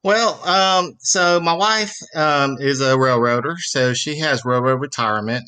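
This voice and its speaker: A man in his fifties from Mississippi, with a Southern accent, calls into a podcast for a casual chat and earnestly explains his situation step by step, using many fillers. His mid-range voice is smooth, bright and forceful, and he speaks a little slowly.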